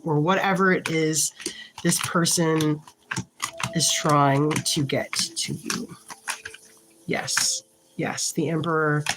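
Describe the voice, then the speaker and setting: Slow, low-voiced woman reading tarot. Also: background noise. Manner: slow, halting, thinks aloud while shuffling and pulling cards; frank and a little irritated, with short laughs. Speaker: tarot reader. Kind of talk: casual tarot reading to camera.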